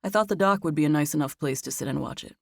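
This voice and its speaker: A woman narrating an audiobook voices a calm, resolute young man, speaking lower, evenly and without hurry. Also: vocal fry, dry recording, clean studio sound. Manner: lower, even and unhurried.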